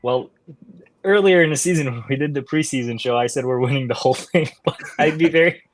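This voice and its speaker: A man's voice: mid-range voice, fairly quick. A man co-hosting a casual sports podcast who talks wryly and laughs at his own remarks. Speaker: podcast co-host.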